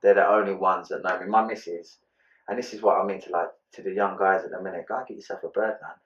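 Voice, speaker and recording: A man chats earnestly in a casual podcast, full of slang and swearing. His voice sits low. The sound is roomy and dull, with the mic set back from him. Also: fairly even intonation, quick pace, fairly bright tone. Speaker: guest, ex-offender charity ambassador. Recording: echoey room, distant muffled mic.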